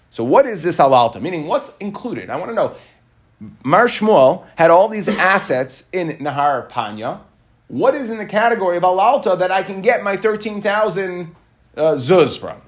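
A man's voice: high-pitched, expressive, normal speed. A man teaching a Talmud lesson, reading Aramaic phrases aloud and explaining them in shifting emphasis. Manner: reads Aramaic phrases then explains them in English, rising and falling emphasis.

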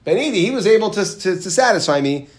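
Animated man teaching a Talmud lesson. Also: fast. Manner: reads Aramaic text then explains in English, animated rises in pitch. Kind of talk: Gemara lesson, reading and explaining.

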